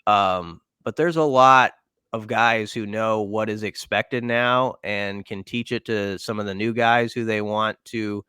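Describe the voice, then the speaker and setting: A man co-hosting a casual sports podcast, weighing things out loud and stopping to restart his thoughts. His voice sits low and comes across smooth and resonant, with a dry, close sound and no room around it. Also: steady tone, measured pace, no echo. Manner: thinking aloud, many fillers and restarts. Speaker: podcast co-host.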